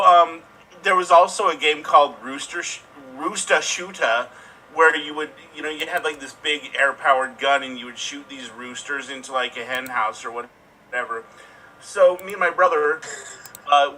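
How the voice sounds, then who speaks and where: Bright, slightly high male storyteller heard from a distant mic, faint noise behind. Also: fairly even intonation, normal speed. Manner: laughing, loose storyteller. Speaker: improv performer. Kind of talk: casual storytelling.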